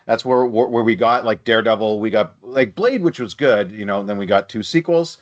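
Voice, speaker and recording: A man's voice: lowish voice, brisk, muffled recording. A man co-hosting a movie podcast, rambling in casual chat with asides and swearing. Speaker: podcast co-host.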